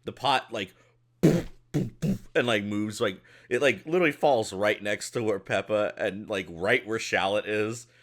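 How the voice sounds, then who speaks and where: A man's voice: lowish voice, normal speed. A man narrating as game master of a tabletop game, rambling with lots of fillers.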